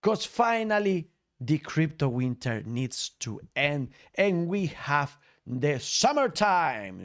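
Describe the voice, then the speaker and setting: Slow-talking crypto host. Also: male voice, a little high, big pitch swings. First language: Spanish. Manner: upbeat, jokey, nonnative phrasing. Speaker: crypto news show host. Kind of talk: casual news commentary over clips.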